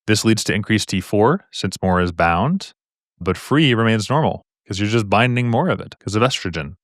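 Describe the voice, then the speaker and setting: A man's voice: on the low side, lively intonation, normal speed, no room sound, studio quality. A man tutoring on medical exam questions in a live stream, explaining in a casual, upbeat way with repetitions and slangy asides.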